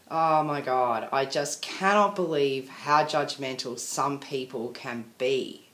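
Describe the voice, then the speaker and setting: A woman's voice: low-pitched, a bit bright. A woman venting in a casual video diary, rambling and apologetic. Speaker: vlogger. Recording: echoey room.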